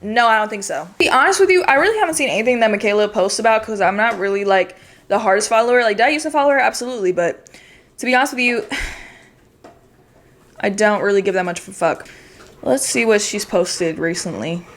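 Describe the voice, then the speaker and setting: A woman's voice: medium pitch, a little fast. A young adult woman giving a casual commentary rant, blunt and sarcastic, swearing freely. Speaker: commentary vlogger.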